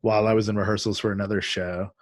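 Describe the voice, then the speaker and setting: A young man with a fairly low voice hosts a casual chat in an easygoing, rambling way. He laughs easily and trails through his fillers. The sound is dry and close, like a video call from a small room. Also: flat delivery, racing, no echo. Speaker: podcast host, actor.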